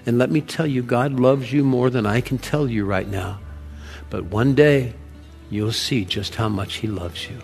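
A man voicing a gentle, loving Jesus who speaks softly and tenderly to a little girl. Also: unhurried, gravelly, faint music behind. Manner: soft, tender and low.

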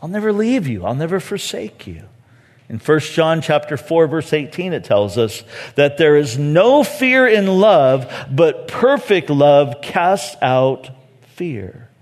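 A man's voice: on the high side, sing-song, slow. A man preaching a sermon as pastor, earnest and repeating key phrases for emphasis. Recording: long reverb of a large hall.

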